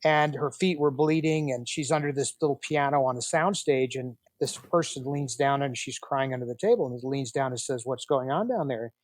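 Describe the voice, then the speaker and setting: A man's voice: medium pitch, normal speed, few pauses, dry recording. A man in his sixties, a podcast guest who tells family stories and acts out the dialogue. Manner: animated storyteller, acts out quoted dialogue. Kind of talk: storytelling interview.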